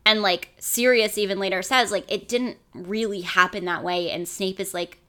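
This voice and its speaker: A woman cohosting a podcast in casual chat, animated and full of fillers. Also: mid-range voice, moderate pace. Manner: animated, uses "like" a lot.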